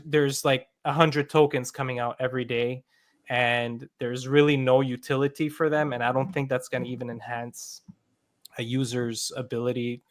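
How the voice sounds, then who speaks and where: In a live interview, a man who founded a game company explains his game, stumbling through lots of fillers and restarts. His voice is medium in pitch with a fairly bright tone.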